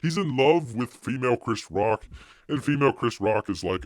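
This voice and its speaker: A man's voice: medium pitch, animated, normal speed, no echo, studio quality. A man hosting a live stream, chatting casually in a rambling way, with frequent restarts and laughter. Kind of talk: casual review chat.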